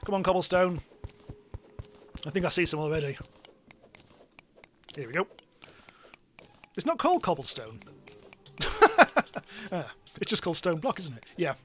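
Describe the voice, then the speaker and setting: A man giving chatty, self-mocking live commentary as he streams a game, now and then bursting into excited yelps. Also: a little high, unhurried, pauses often. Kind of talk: live let's-play commentary.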